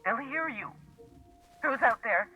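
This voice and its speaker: A man's voice: extremely high pitch, animated, slow, highs cut off, a little hiss or hum, heavily acted. An actor voicing a frightened man hiding from danger, panicky and pleading in video game dialogue. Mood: panicked. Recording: game audio with loud music underneath. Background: game music.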